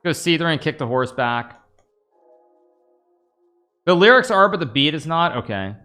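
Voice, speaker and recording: Animated man chatting while playing chess. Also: fairly high pitch, moderate pace, soft background music. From United States. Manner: chatty, rambling, talks to chat while playing. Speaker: chess streamer. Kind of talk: live-stream commentary.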